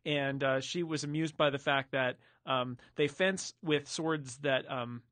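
A man's voice: medium pitch, a little slow, fairly bright tone, no echo. A man hosting a podcast discussion, rambling casually with restarts and fillers. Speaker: podcast host. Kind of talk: casual chat.

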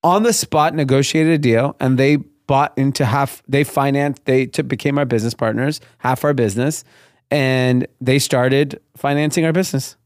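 In a casual interview, a man in his thirties from Granada Hills in the Los Angeles area tells how he started his clothing brand, acting out the other people in the story. He's an animated storyteller with a mid-range voice at normal speed. The studio recording is clean, with no room sound.

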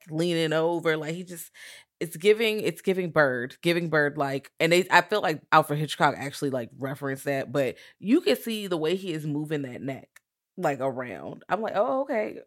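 A slightly low-pitched woman recaps a film in a casual podcast chat. She is animated and profane, rolling through her story with plenty of fillers and asides. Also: normal speed. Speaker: podcast co-host.

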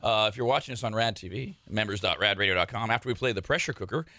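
A man hosting a morning radio show, rambling wryly and sarcastically, sometimes breaking into shouts. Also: fairly low pitch, fast, no room sound. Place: radio studio. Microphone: studio microphone.

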